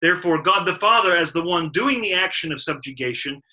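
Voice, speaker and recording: A man with a very bright, ringing voice teaches a Sabbath Bible study. He walks through the verses methodically and leans hard on each word in a list. His voice sits a little high for a man. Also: animated, brisk, poor audio. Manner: methodical, stressing lists of verbs with emphasis.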